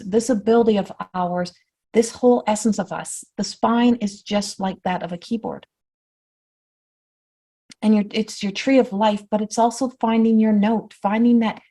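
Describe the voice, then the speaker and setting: A woman spiritual teacher giving a flowing talk before a guided meditation, repeating and rephrasing, often dropping to a soft hush. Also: mid-range voice. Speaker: spiritual teacher and oracle card reader.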